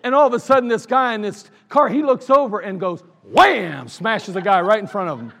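A man with an Ohio accent, a pastor telling his church's history in an anniversary sermon, animated and laughing at his own stories. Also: high voice, a little fast, raised voice. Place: church sanctuary. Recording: church service recording with long hall reverb.

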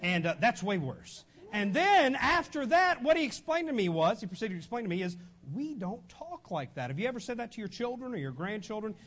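A man's voice: high-pitched, sing-song, fast talker, few pauses, fairly bright tone. A middle-aged man preaching a conversational sermon, with frequent asides to the congregation. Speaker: pastor.

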